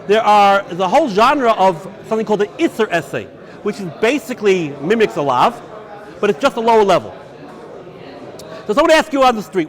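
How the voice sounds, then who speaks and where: A rabbi gives a lively yeshiva lecture on Jewish law. His voice sits high for a man and swings widely in pitch. He poses questions and answers them himself, and he works Hebrew and Yiddish terms into his English. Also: brisk. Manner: animated, asks and answers his own questions.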